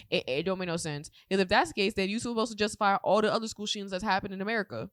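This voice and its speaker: A woman's voice: mid-range voice, racing, hardly any pauses, no echo. A woman in her twenties co-hosting a podcast, talking casually with dramatic, profane retellings. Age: 20s. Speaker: podcast co-host. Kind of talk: casual chat.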